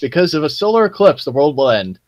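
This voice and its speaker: A man's voice: a little high, very animated, fast talker, darkish tone, no room sound, lo-fi sound. A man on a casual talk panel with a dry, wry delivery.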